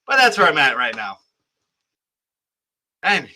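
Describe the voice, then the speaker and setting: A sleepy man in his thirties teaches a history class over a computer mic, chatty and full of fillers and restarts. His voice is very bright and sharp, and sits a little high for a man. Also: sing-song, slow pace, low-quality recording. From United States. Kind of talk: online class lecture.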